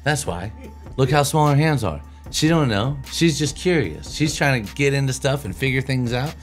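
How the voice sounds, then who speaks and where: A man's voice: mid-range voice, moderate pace, faint music behind. A man in his thirties on a casual podcast, talking bluntly and with lots of swearing about raising kids. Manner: blunt, profane, animated storytelling. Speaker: podcast co-host.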